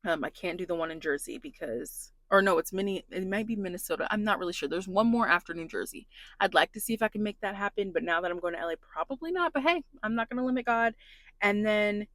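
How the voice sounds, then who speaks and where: Talking fast with lively intonation, a young adult woman who is a plus-size influencer opens up in a confessional vlog, sounding earnest and emotional and leaning heavily on "like." Her medium-pitched voice is a bit bright, and there's no echo.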